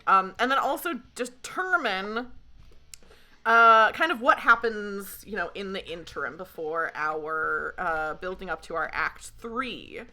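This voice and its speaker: A woman's voice: mid-range voice, unhurried, pushed and bright. A young woman casually running a tabletop game, giggling and rambling with many fillers. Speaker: game facilitator.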